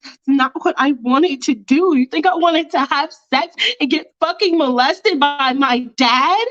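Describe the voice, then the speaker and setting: A woman's voice: high voice, a little slow, a bit bright, dull audio. A woman voicing an angry, cold-hearted teenage girl who cusses and cuts her friend down. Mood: furious. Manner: cutting, cussing, furious.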